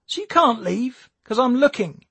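A man's voice: very high-pitched, very animated, moderate pace, creaky, bright, forceful tone, slightly rough, dry recording, voice pushed up, heavily acted. A man voicing a playful, teasing young man in an audiobook.

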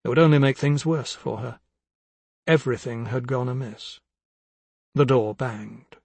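A man narrating a literary audiobook in a measured, reflective way. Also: medium pitch, gravelly, darkish tone, no echo.

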